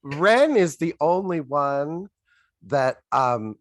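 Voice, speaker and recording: A man's voice: on the high side, animated, takes it slowly. A man in his forties co-hosting a comedy podcast, reading from his notes in a blunt, exasperated, swearing manner. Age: 40s. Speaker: podcast co-host. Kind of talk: casual comedic recap chat.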